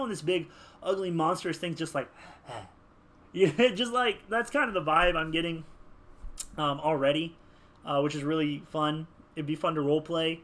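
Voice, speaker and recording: This man's voice is a little high and moves at a moderate pace. As a gaming creator building a character, he rambles animatedly and leans heavily on filler words.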